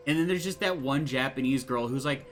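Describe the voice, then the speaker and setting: A young man talks through a video game in a loose, rambling way, dropping sarcastic asides and casual swearing. His voice sits at an ordinary middle pitch. Faint game music plays underneath. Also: a little fast. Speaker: let's play gamer. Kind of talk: casual gameplay commentary.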